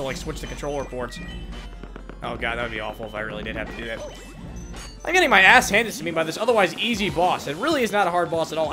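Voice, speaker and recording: A young man rambling excitably and self-deprecatingly through his commentary on a game. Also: fairly high pitch. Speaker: let's play host. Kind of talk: casual gameplay commentary.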